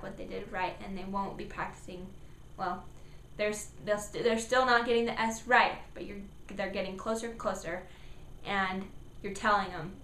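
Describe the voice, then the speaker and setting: A woman talks parents through speech practice in an upbeat, encouraging way and demonstrates the sounds herself. Her voice sits at an ordinary middle pitch. The room is echoey, with a faint hiss of noise behind her. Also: fairly bright tone. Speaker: speech therapy tips presenter. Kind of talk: instructional talk to parents.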